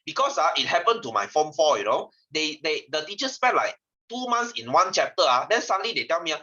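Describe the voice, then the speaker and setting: Animated Malaysian male science tutor. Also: a little high, fairly quick, dull audio. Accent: Malaysian English. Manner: animated, teasing, laughs often. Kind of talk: joking classroom lecture.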